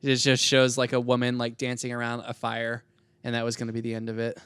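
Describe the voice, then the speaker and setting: A man's voice: mid-range voice, monotone, brisk, fairly bright tone, clean tone, dry recording. A man co-hosting a podcast, telling a story in a rambling casual way with many fillers. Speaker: podcast co-host.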